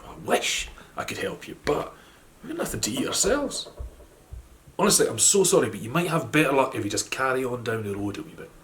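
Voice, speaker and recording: A man voicing a poor widowed mother, apologetic and warmly welcoming to a stranger. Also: medium pitch, very animated, brisk, slight background noise. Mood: kindly.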